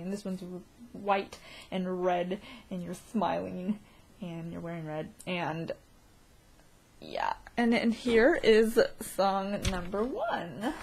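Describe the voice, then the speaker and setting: A woman vlogging a casual video diary, excitable and giggly, rambling from one thought to the next. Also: fairly low pitch, slightly rough.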